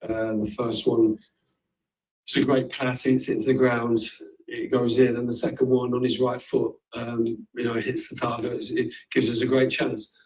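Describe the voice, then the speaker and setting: A man speaking as a football manager in a post-match interview, measured and plain-spoken. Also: mid-range voice, little pitch movement, a little mellow. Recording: distant mic.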